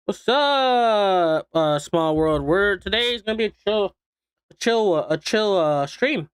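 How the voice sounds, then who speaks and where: Smooth-voiced young man rambling casually. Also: high-pitched, lively intonation, slow, no echo, clean studio sound. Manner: rambling, hesitant, many fillers and restarts. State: hiccuping. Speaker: streamer. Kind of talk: casual chat while eating and drawing.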